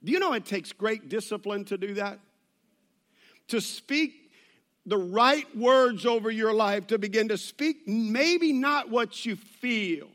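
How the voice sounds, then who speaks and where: A man's voice: sits high, expressive, slow pace, fairly bright tone. A man preaching a sermon in a church, conversational with joking asides and rambling restarts. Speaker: pastor.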